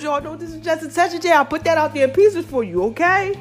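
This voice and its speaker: High-voiced woman hosting a chatty podcast. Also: fairly quick, few pauses, soft background music. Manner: lively, preachy and chatty, calls listeners "babies" and "child". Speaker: podcast host. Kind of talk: casual solo podcast talk.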